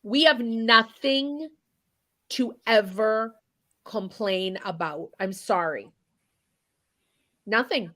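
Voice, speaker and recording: A woman's voice: on the high side, very slow, pauses often, fairly bright tone. A woman talking as an interview guest, blunt and emphatic, swearing freely as she speaks her mind. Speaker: guest chef and singer. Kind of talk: candid interview talk.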